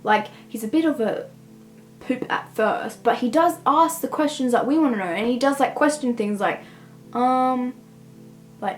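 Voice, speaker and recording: This casual book review comes from a young woman whose voice is somewhat high, speaking at a measured pace while rambling and saying "like" constantly. The audio is poor, with faint music underneath.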